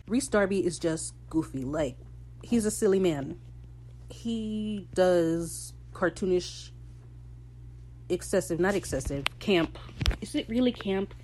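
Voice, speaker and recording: A woman chats through an episode recap with a low, mellow voice. She jokes, swears freely and drops slangy asides as she goes. A faint hum sits behind her. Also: lively intonation, slow pace. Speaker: podcast host recapping a TV episode.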